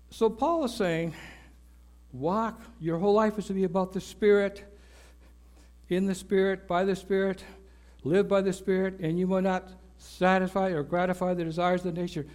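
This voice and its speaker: A pastor with a high, slightly mellow voice delivers a conversational sermon. He repeats key words for emphasis and teaches in a chatty way, checking in with listeners through "right?" and "okay?"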